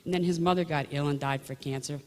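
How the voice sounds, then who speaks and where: A woman's voice: low-pitched, fairly even intonation, fast, a little mellow. A woman sharing a personal faith story in a conversational storytelling way, often restarting her sentences. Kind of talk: personal testimony talk. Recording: long reverb of a large hall.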